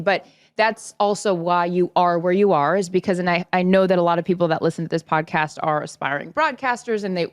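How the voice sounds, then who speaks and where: A woman's voice: fairly low pitch, smooth, no room sound, clean studio sound. A woman co-hosting a podcast, reassuring her friend in supportive, rambling casual chat. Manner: reassuring, supportive, talks in run-on thoughts. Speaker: podcast co-host.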